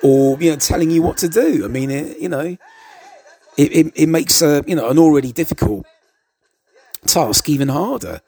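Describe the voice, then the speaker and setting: A man's voice: a little high, moderate pace, dark tone, breathy edge. A man giving casual, hesitant commentary over an old TV show, stammering and adding chuckling asides.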